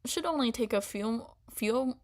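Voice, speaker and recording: A woman's voice: on the high side, lively intonation, moderate pace, lightly acted. A woman reading the lines of an easygoing young male mechanic in her own voice, plain and friendly. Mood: practical.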